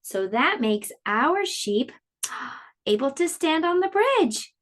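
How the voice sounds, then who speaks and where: A woman's voice: high-pitched, sing-song, fairly bright tone. A woman teaching a preschool lesson online, explaining a science activity and reading a storybook aloud to small children. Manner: sing-song and slow, explaining to small children.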